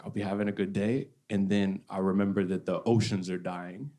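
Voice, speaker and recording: A man doing a stand-up set on a club stage, deadpan and self-deprecating, repeating lines for effect. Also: deep voice, moderate pace. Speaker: stand-up comedian. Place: comedy club stage before a live audience. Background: audience laughter.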